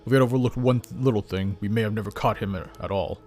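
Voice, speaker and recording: A man's voice: on the low side, rapid-fire, darkish tone, soft background music, close to an everyday voice. A man playing a weary, stern police boss of about sixty in a game, grumbling and dismissive. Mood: gruff.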